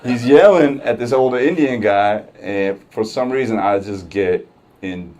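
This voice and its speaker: Low-voiced man doing wry stand-up. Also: a little slow, a little mellow. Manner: casual, profane, wry storytelling. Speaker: stand-up comedian. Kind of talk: stand-up comedy set. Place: comedy club stage with audience. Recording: live club crowd and music.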